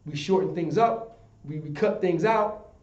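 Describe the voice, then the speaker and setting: Man, class teacher, mellow tone, keeps asking "you understand?", echoey room, dull lo-fi sound. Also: fairly high pitch, unhurried, far from the mic. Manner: repetitive, checks in with "you understand?".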